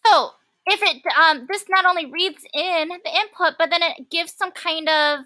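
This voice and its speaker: A woman teaching a programming lesson, talking casually and thinking aloud with many pauses and fillers. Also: very high-pitched, sharp tone. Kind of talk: classroom coding lesson.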